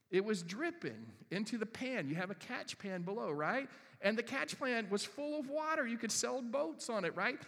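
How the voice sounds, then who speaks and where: Male pastor preaching, bright high voice, animated storyteller, long hall reverb. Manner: animated storytelling, acts out his own inner voice. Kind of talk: sermon with personal story.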